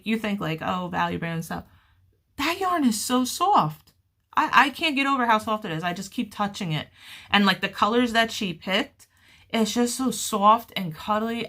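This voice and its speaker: A woman talks through a crochet-along in a relaxed, unhurried way, often gushing over the yarn and colors. Her voice is bright and lively in tone, and she keeps the chat casual and warm-hearted. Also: medium pitch. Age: adult with children. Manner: chatty, gushing and upbeat. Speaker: crochet vlogger.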